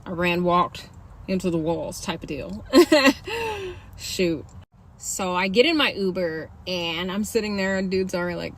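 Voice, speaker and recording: A young woman telling her own story in a candid, animated, slangy way, speaking casually to camera. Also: lowish voice, measured pace, a little hiss or hum. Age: young adult.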